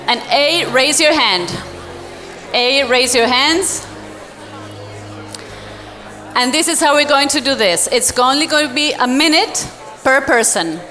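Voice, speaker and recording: Animated woman speaking on a stage. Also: high-pitched, slow pace, long pauses, faint music behind, a faint crowd. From Latin America. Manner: animated, laughing often, directing the audience. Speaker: motivational speaker. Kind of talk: live stage talk to an audience. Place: large event hall. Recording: long hall reverb.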